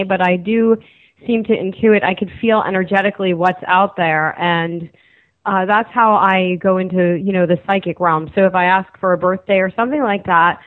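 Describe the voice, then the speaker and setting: A woman guest on a radio show, a psychic, chatting in a relaxed, giggly way. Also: medium pitch, phone-quality sound. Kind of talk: casual chat.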